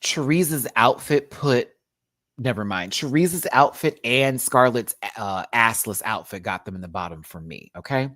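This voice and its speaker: A man hosting a casual live-stream review, chatty and sassy, calling viewers honey and child, often swooping up into high exclamations. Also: lively intonation, normal speed, fairly bright tone, no echo, studio quality. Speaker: show review host.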